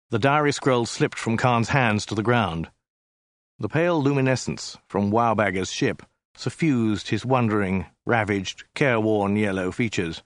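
A man narrating a comic story in a dry, deliberate comic delivery. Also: lowish voice, no room sound. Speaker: audiobook narrator.

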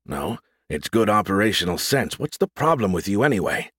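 A man plays a stubborn male agent with a gruff, clipped manner, close to his own low voice. He sounds argumentative, recorded dry for an audiobook. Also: sing-song, a little fast, fairly bright tone, dry recording, exaggerated voice. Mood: arguing.

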